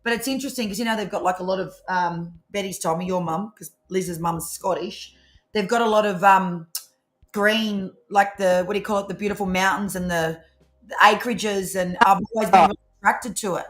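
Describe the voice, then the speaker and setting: A woman, co-hosting a live tarot stream in rambling, animated casual chat. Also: medium pitch, a little fast. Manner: chatty, rambling, animated storytelling. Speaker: tarot reader co-host.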